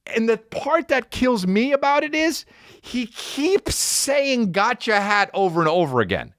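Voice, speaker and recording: A man in his thirties hosting a casual comedy podcast, telling a story with lots of profanity, restarts and quick asides. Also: very high voice, very animated, dry recording, clean studio sound. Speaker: podcast host.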